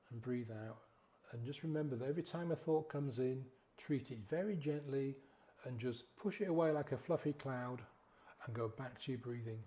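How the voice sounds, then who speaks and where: A man guiding a slow, gentle breathing exercise as a sobriety coach, counting the breaths in a soothing way. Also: medium pitch.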